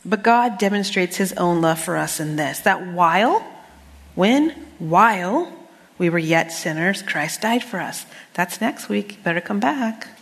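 A middle-aged woman teaching a women's Bible study, preaching in a lively, conversational way with humor and quoted scripture. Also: fairly low pitch, moderate pace, vocal fry, few pauses. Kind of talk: sermon. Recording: long hall reverb.

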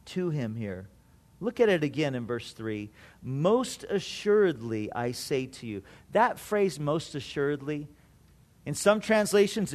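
A man preaching a sermon, telling a story and acting out the voices he quotes, repeating key points for emphasis. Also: fairly high pitch. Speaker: pastor.

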